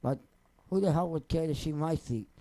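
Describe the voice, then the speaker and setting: A man's voice: on the high side, normal speed, mellow, rough recording. A young man, a singer telling personal stories off the cuff in a rambling, wry, joking way. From New Jersey. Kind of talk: casual off-the-cuff storytelling.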